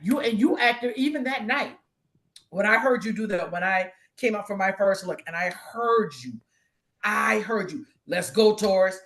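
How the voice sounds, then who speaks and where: A woman's voice: mid-range voice, moderate pace, a bit bright. A woman co-hosting a casual chat, telling an emotional story and acting out quoted voices. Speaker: guest co-host.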